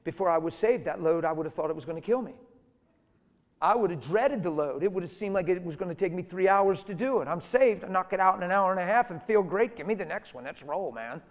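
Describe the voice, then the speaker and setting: A middle-aged man preaching through a personal story, animated and emphatic, acting out the voices of the people in it. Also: high voice, fast talker. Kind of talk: storytelling sermon. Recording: long hall reverb.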